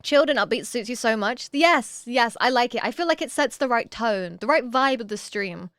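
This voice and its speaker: A woman streaming casually to her chat, talkative and quick to swear. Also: a little high, no room sound, clean studio sound. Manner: chatty, swears freely, lively.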